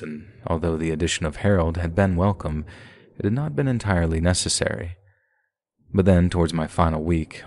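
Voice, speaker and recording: A man narrating a first-person horror story in a steady, measured way. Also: low voice, no room sound.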